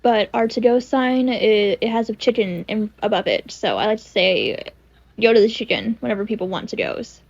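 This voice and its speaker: A woman's voice: mid-range voice, moderate pace, gravelly, few pauses. A young woman chatting casually on a podcast, emphatic and repeating words. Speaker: podcast co-host. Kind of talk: casual chat. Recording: dull lo-fi recording.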